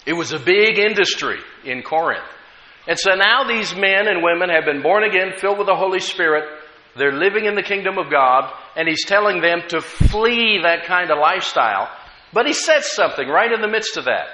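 A man's voice: high voice, expressive, normal speed, bright, forceful tone. An American man preaching a sermon as pastor, telling stories with rising emphasis. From United States. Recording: echoey room, dull lo-fi sound.

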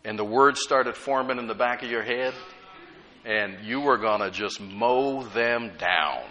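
A middle-aged man, preaching a sermon as a pastor, lively and full of laughs and acted-out voices. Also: mid-range voice, highs cut off.

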